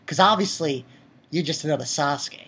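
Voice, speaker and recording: A man giving an animated, profane episode review, mocking the show and swinging between near-shouts and low muttering. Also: a little fast, slightly rough. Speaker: anime reviewer.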